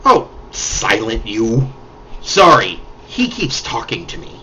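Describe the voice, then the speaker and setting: A man's voice: lowish voice, big pitch swings, slow pace, pushed and bright, a little hiss or hum, voice pushed down, exaggerated voice, rough recording. A man voicing a slight, reclusive female mage who stammers and gets distracted as she talks. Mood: flustered.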